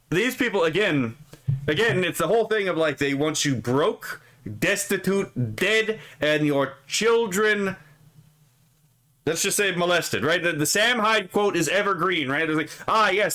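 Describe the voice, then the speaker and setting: Guy streaming, reading posts and mocking them, lots of swearing, bright forceful voice, kinda high. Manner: sarcastic, profane, mocking asides; frequent filler "right?". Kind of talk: casual live stream commentary.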